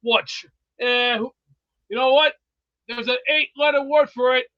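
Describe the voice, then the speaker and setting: A man trash-talking in brash banter, blustering and insulting, with sudden bursts into shouting. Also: very high-pitched, steady tone, unhurried, no room sound, dull audio. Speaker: show regular.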